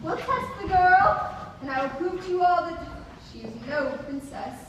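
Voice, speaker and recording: A woman's voice: extremely high pitch, animated, normal speed, fairly bright tone, slight background noise. A woman on a school stage playing a domineering queen who makes theatrical proclamations, recorded in an echoey hall from far off. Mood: imperious. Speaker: stage actor.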